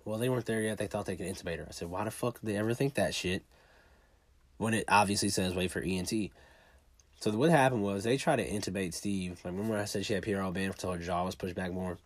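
Blunt, profane man with a low voice. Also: no room sound. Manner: profane, blunt, fast-talking. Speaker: storyteller. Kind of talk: casual personal story.

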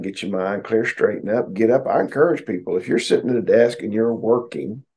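Middle-aged American man, low gravelly voice, folksy therapist host who ribs his listeners. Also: a little mellow. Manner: folksy, joking, talks straight to listeners. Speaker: psychotherapist podcast host. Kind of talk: casual advice monologue.

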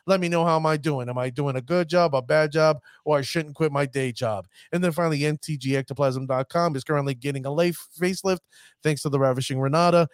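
A man hosting a podcast with a somewhat high voice, hyping things up like a showman and stretching words for emphasis. The sound is dry and close, with no room in it. He keeps a loose, chatty manner between the big announcements. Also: steady tone, no echo. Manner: showman-like hype, drawn-out emphasis. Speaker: podcast host. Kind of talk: casual podcast chat.

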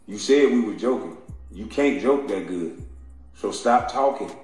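A man's voice: fairly low pitch, lively intonation, a little slow, a little mellow. Guy going off on a cussing rant, mocking and laughing, voice bouncing all over a super echoey room, little bit of music behind. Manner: taunting, mocking, laughing between insults. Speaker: commentator. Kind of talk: profane heated rant.

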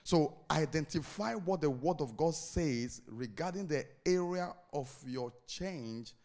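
A man's voice: on the high side, lively intonation, measured pace, a little mellow. A man preaching a sermon as pastor, repeating key phrases and putting questions to the congregation for them to answer. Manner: asks the congregation call-and-response questions.

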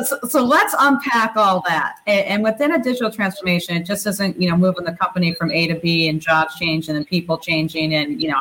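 A woman's voice: fairly low pitch, low-quality recording. Chatty woman guest, lots of "you know". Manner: animated, leans on "you know" and "like". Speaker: interview guest. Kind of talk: conversational interview.

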